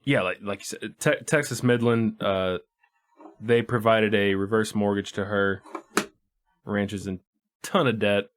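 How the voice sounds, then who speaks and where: A man's voice: on the low side, steady tone, unhurried, noisy background. A man co-hosting a casual movie podcast, laid-back and profane, often restarting his sentences. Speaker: podcast co-host. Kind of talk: casual movie-review chat.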